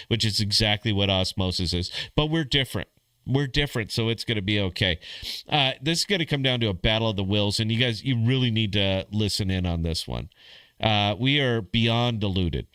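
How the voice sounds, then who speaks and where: A man's voice: fairly low pitch, fairly quick, fairly bright tone, no echo. A man hosting a podcast in a crude, sardonic casual rant, calling listeners "man" and "brother". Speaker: podcast host.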